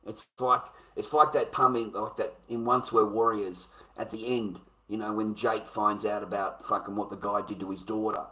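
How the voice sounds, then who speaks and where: A swearing Australian man holds forth on a live stream, blunt and emphatic. His voice sits a little low but comes across forceful and bright. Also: low-quality recording. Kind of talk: casual live-stream rant.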